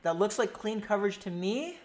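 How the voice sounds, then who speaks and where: Excitable fan calling a game live. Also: medium pitch, fairly quick. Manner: excitable, pleading, swings between outbursts and quiet muttering; swears often. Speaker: fan streaming play-by-play. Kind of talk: amateur live stream commentary.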